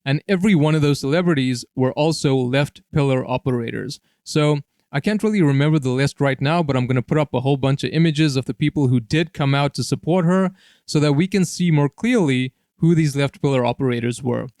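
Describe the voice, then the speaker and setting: A political commentary host with a medium-pitched, darkish voice speaks fairly quickly in a solo video, recorded dry with clean studio sound. He explains through long, repetitive lists and keeps tagging his points with "all right?".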